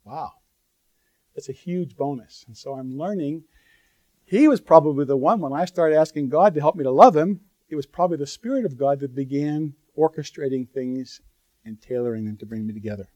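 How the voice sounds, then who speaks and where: A man delivers a sermon in a slightly higher voice, earnest and conversational. He turns to the audience with frequent asides, and his words swell into sudden bursts of emphasis. The sound is dry and close, with no room echo. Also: moderate pace, warm tone. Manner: talks straight to the audience with asides. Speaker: preacher.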